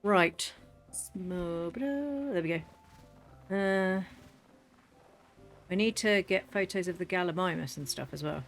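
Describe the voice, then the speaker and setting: A casual gaming host talks the listener through a game, chatty and quick to slip into mock-furious grumbling. Faint game music plays underneath the voice. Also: medium pitch, steady tone, fairly bright tone. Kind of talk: casual gameplay commentary.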